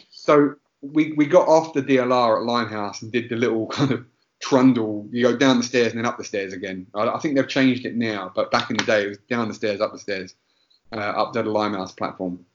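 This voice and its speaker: A man's voice: medium pitch, normal speed, fairly bright tone, muffled recording. Sweary man telling a rambling story. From England, Essex. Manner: rambling, sweary, self-interrupting. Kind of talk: casual comedic storytelling.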